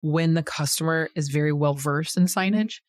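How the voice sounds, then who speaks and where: A woman co-hosting a casual business podcast, setting up scenarios and asking steady questions. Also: low-pitched, normal speed, no room sound, clean studio sound. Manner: interviewing, steady prompting questions. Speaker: co-host.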